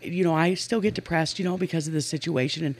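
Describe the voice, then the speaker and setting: A woman in her forties from Montana, USA, appears as a guest in an interview, telling stories casually but earnestly and with animation, often laughing as she goes. Her voice sits low with a darkish tone, and she speaks at a quick pace.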